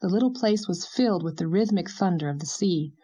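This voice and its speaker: A woman reading a classic novel aloud in a measured, gently expressive narration. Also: lowish voice, husky. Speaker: audiobook narrator. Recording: dull lo-fi recording.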